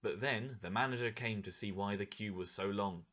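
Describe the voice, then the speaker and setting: A man narrating a story for English learners with a clear, expressive reading. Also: on the low side, moderate pace, dull audio.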